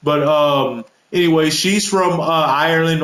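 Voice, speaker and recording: A man's voice: on the high side, lively intonation, moderate pace, hardly any pauses, fairly bright tone, roomy sound, poor audio. A man rambling casually through a walkthrough of his created game roster, with lots of fillers and self-corrections. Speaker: gaming video creator.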